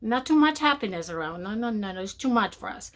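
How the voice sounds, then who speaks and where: A woman hosting a spiritual talk show, speaking in an animated way to her viewers and often calling them darling. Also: mid-range voice, fast talker. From from outside North America. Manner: animated, mocking voices of naysayers, calls listener darling. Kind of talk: motivational talk to camera.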